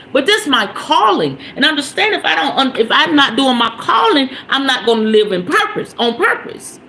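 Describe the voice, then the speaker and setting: A woman's voice: sits high, pushed and bright, a little hiss or hum, low-quality recording. A woman hosting a spiritual podcast, giving an emphatic, preachy motivational talk straight to her listeners.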